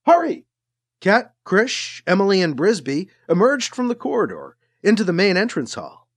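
Lively audiobook narrator. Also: mid-range voice, moderate pace. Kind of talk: scripted narration.

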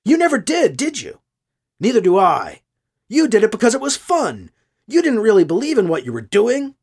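A narrator voicing an unhinged, bitter woman who accuses a man in a quavering, shrill voice. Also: huge pitch swings, normal speed, darkish tone, slightly rough. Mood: scornful.

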